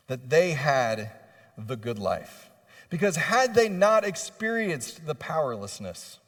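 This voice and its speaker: A man preaching a sermon as pastor, passionately voicing pleading questions and building in intensity. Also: fairly high pitch. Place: church sanctuary. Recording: long reverb of a church hall.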